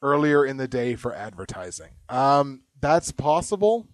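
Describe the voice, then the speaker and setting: A man's voice: medium pitch, big pitch swings, a little slow, no room sound. Man, podcast co-host, casual rambling chat, profane jokes, dry close sound, home basement.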